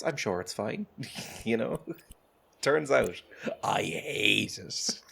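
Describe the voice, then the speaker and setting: A man's voice: lowish voice, creaky. A man chatting casually over a game, rambling and laughing often at his own asides, with music playing behind him. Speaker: gameplay video creator. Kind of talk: casual gameplay commentary. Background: background music.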